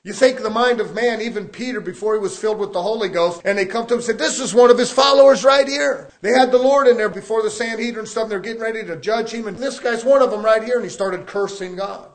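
A man's voice: high voice, fast talker, few pauses. A man preaching a sermon, folksy and emphatic, acting out quotes along the way.

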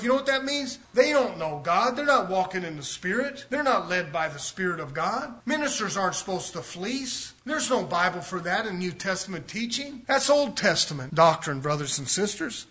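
A middle-aged man preaching a sermon as pastor, folksy and emphatic, swinging between loud and soft. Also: high voice.

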